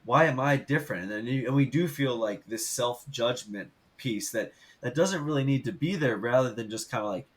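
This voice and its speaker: A man's voice: medium pitch, moderate pace, hardly any pauses, breathy edge. A man hosting a fitness podcast, thinking aloud in a rambling way with many fillers. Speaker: podcast host. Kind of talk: casual podcast interview.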